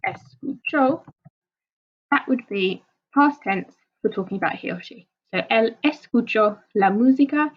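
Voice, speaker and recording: A woman's voice: mid-range voice, highs cut off. A woman with an English accent, a language teacher explaining a lesson step by step over slides and checking in with "okay?".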